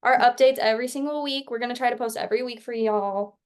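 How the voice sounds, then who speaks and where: A woman's voice: on the high side, quick pace, darkish tone. A young adult woman co-hosting a podcast in casual chat, chatty with lots of filler words. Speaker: podcast co-host.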